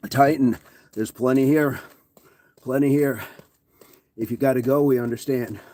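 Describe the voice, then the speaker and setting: Winded, slow-talking man coaching a workout. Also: mid-range voice, steady tone, dark tone. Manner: counting reps and greeting viewers between sets. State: out of breath, sighing. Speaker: fitness livestream host. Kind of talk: live workout coaching, reading chat.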